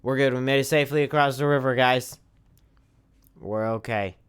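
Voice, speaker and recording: A man's voice: mid-range voice, fairly even intonation, moderate pace, clear, resonant tone. A man casually commentating a game stream, reading the on-screen text aloud and joking at his own expense. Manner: self-deprecating, reads game text aloud. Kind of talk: casual let's-play commentary.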